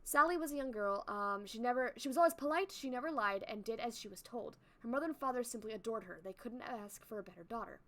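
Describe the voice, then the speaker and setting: A young adult woman streamer reading a story aloud on a live stream, chatting with viewers between passages in a playful, animated way. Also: on the high side, quick pace, hardly any pauses.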